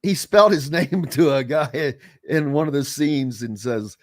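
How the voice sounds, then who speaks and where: A man's voice: a little high, measured pace, hardly any pauses. A man hosting a sports radio show, chatting casually and animatedly with a guest.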